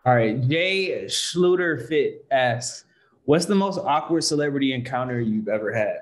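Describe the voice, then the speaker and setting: A man reads listener questions aloud on a podcast and answers in short, laid-back bits. His voice sits at an ordinary middle pitch for a man. He talks easily, with no hurry. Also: expressive, unhurried. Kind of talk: casual podcast chat.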